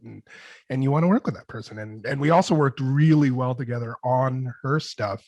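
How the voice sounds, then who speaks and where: A man on a video call, rambling through animated stories as a music producer on a panel. His voice sits at an everyday middle pitch. The sound is close and dry, with no room around it. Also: normal speed, dry recording. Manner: rambling, animated storytelling with many restarts. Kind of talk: online panel interview. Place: home studio with colorful backdrop.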